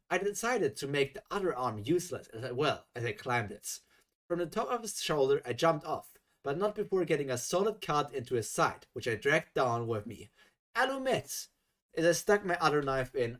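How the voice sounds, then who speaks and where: A man reading a fan story aloud on a live stream, breaking off into exasperated reactions. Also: a little high. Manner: animated, exasperated asides.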